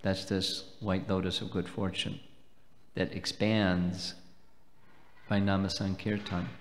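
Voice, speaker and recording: Low-voiced guy giving a slow careful spiritual talk, lots of hall echo. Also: flat delivery. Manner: measured, explanatory, slow and deliberate. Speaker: swami lecturing at a festival. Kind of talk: devotional lecture with questions. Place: temple hall. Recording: long hall reverb.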